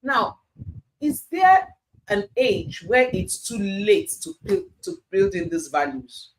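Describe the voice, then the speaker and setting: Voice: mid-range voice, wildly swooping pitch, takes it slowly, a little hiss or hum, rough recording. A live-stream talk show host who affirms the guest and moves on to the next question.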